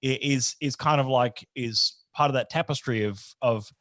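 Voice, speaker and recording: A man's voice: mid-range voice, moderate pace, a bit bright, no echo. A man hosting a casual evening video chat, telling rambling stories and correcting himself as he goes. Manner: rambling, self-correcting storyteller. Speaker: host. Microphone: video call.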